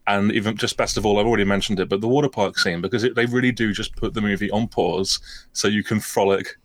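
Male co-host, lowish voice, dry close mic, fond enthusiast. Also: fairly even intonation, quick pace, no echo. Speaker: podcast co-host. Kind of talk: casual chat.

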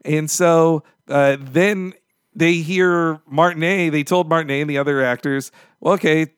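A man as a podcast guest, telling stories in an enthusiastic, animated way. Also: a little high, measured pace, clear, resonant tone, no room sound, clean studio sound. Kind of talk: casual podcast chat.

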